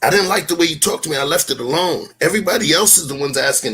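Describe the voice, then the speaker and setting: A man's voice: on the high side, lively intonation, fast talker, pushed and bright, husky. A man, defending himself in a heated live-stream talk, emphatic and rhetorical, full of slang.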